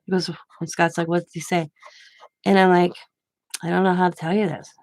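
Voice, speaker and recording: A woman's voice: on the low side, little pitch movement, a little fast, darkish tone, dry recording. A woman in her forties telling a personal story in a casual, chatty way, acting out the quoted dialogue. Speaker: craft vlogger.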